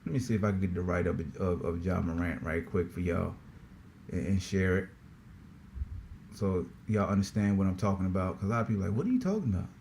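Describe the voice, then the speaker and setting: A man hosting a sports podcast in a casual, slangy, animated way, often repeating himself. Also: low-pitched, a little fast, vocal fry, a little hiss or hum. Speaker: podcast host.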